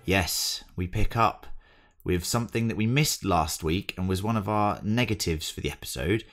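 Deep-voiced English man recapping a show. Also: normal speed, a bit bright, soft background music. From England. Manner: chatty, recapping from notes with asides. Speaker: podcast co-host. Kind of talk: casual chat.

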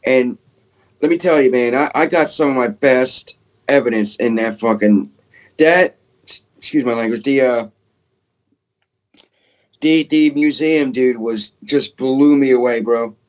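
A man, a paranormal investigator guest, telling his encounters in an excitable, casual way, full of "dude" and "man" and some swearing. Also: medium pitch, a little slow, long pauses. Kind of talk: casual storytelling.

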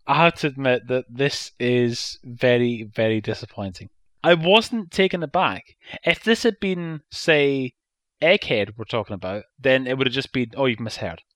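A man's voice: mid-range voice, lively intonation, measured pace, fairly bright tone, dry recording. A man co-hosting a casual chat podcast, telling stories in a wry, mock-serious way. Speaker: podcast co-host.

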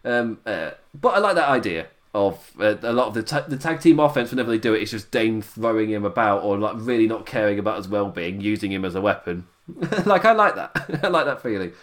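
A man's voice: lowish voice, expressive, brisk. A young adult man hosting a podcast, chatting casually through a review, rambling and chuckling often between thoughts. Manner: rambling, laughs often, restarts sentences. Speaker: podcast host reviewing a show.

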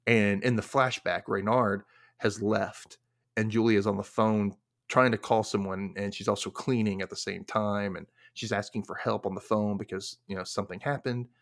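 Man, low voice, casual recap chat, chatty, lots of fillers, acts out quotes. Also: fairly even intonation, moderate pace, gravelly. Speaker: podcast host.

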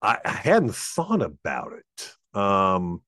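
A man in a casual chat, easygoing and a bit hesitant, often pausing with fillers. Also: fairly low pitch, huge pitch swings, a bit bright, no echo, clean studio sound.

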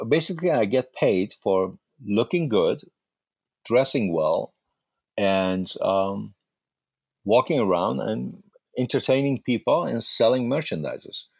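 Male guest, husky voice, animated storyteller, dry close sound. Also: low voice, no echo, dull audio. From Iran. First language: Farsi. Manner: animated anecdotes with acted-out dialogue. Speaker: interview guest, actor. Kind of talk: casual storytelling.

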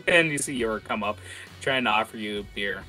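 A man's voice: fairly low pitch, expressive, moderate pace, pushed and bright, faint music behind. A man narrating a tabletop game as game master, casually and with many fillers.

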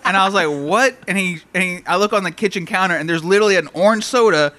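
A man recalling anecdotes about a friend in relaxed casual chat, swearing easily. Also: sits high, quick pace. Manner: laid-back anecdote teller.

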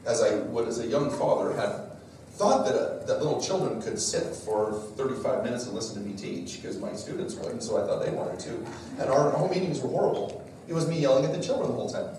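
A man's voice: medium pitch, quick pace. A middle-aged man delivers a live devotional talk, his voice rising and falling freely as he tells stories against himself. The recording is heavily reverberant and taken from a distance, with a faint hum of the room behind. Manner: lively storyteller, jokes at his own expense. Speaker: speaker at a church parenting talk. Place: large echoey room with a live audience. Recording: echoey hall recording from far off.

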